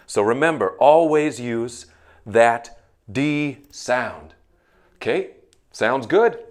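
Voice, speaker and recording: A man's voice: mid-range voice, smooth. A man teaching English pronunciation like a drill sergeant, barking commands and drilling words one at a time. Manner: barked commands, slow drilled word lists.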